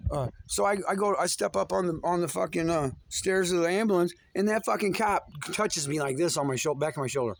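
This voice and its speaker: A man's voice: sits high, gravelly, a little hiss or hum. A man telling his own story in an angry, rambling monologue, swearing often and stumbling through many restarts. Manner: profane, agitated, halting with many restarts.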